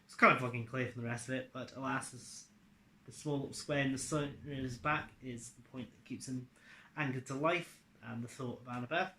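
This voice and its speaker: A man's voice: medium pitch, fairly even intonation, brisk, pushed and bright, a little hiss or hum. A man casually explaining his own story adaptation to viewers, in a loose, offhand way with fillers and the odd swear. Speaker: video creator summarizing his series adaptation. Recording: echoey room.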